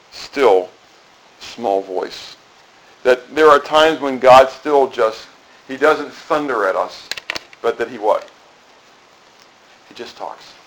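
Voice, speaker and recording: In poor-quality audio, a middle-aged pastor with a highish, somewhat bright voice preaches conversationally. He poses questions to the congregation and often repeats or restarts his phrases.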